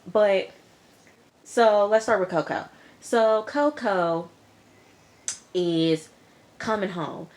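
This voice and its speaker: A young woman chatting casually to her viewers about a TV episode, laughing often and talking straight to the audience. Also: medium pitch. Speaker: TV review vlogger. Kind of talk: casual recap chat.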